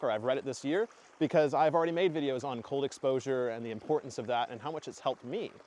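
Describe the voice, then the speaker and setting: A man's voice: mid-range voice, darkish tone. A young man talking casually and earnestly to camera, rambling with fillers and restarts as he reflects on his year. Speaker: spiritual content creator. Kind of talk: casual reflective vlog talk.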